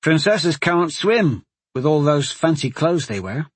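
A man's voice: a little high, very animated, measured pace, slightly rough, no room sound, voice pushed up, full character voice. A man voicing an earnest, hesitant young servant boy in a fantasy audiobook.

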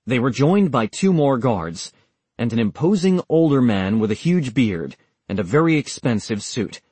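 A man reading an audiobook in a steady, measured narration. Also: medium pitch, slightly rough, no echo. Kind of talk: scripted narration.

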